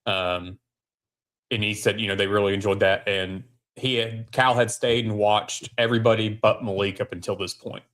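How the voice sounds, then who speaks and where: Male co-host, lowish voice; measured, unpolished recap. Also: steady tone, fairly bright tone. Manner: measured recap, lots of ums and you-knows. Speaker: podcast co-host. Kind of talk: casual sports chat.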